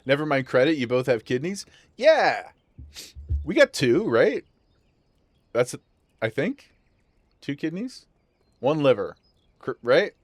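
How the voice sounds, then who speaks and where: A man's voice: mid-range voice, very animated, slow, pauses often, no room sound, studio quality. A man streaming a video game from home, joking and laughing a lot as he chats and reads the game's dialogue aloud. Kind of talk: casual live gameplay commentary.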